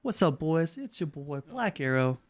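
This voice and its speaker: A man voicing a smooth-talking male streamer greeting his chat, with a laid-back radio-style delivery. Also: fairly high pitch, big pitch swings, normal speed.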